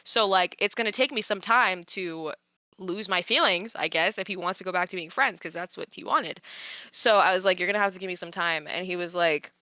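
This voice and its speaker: A young woman host retelling a personal story in casual podcast chat, animated and exasperated, laughing often. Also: lowish voice, brisk, no echo.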